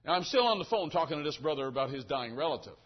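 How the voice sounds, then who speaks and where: A male pastor preaching, telling a story with animated acting and gestures. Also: a little high, very fast. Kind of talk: sermon with a story. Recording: dull lo-fi recording.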